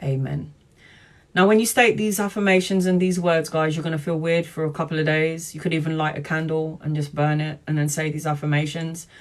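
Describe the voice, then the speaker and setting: A woman tarot reader talking earnestly to viewers on a live stream, in a chatty, warm-hearted way. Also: on the low side. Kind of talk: live-stream spiritual talk.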